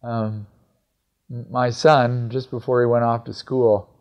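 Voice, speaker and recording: Middle-aged male teacher, conversational, mid pitch, slightly muffled recording. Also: flat delivery, unhurried. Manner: conversational, acts out quoted dialogue. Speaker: communication skills teacher. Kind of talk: instructional talk.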